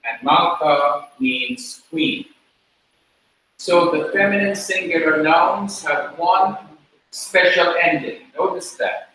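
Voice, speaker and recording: A man teaching a class, talking slowly and repeating words for the students to drill. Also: fairly high pitch, expressive, bright, forceful tone. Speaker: Hebrew teacher. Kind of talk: classroom lecture. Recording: very echoey room, mic far off, faint noise.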